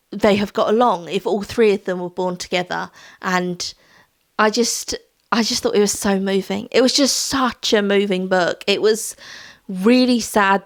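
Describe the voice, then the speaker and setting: Heartfelt, rambling woman book vlogger. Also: mid-range voice. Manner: heartfelt, rambling, with many fillers and restarts. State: tearful at times. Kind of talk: casual monthly reading wrap-up.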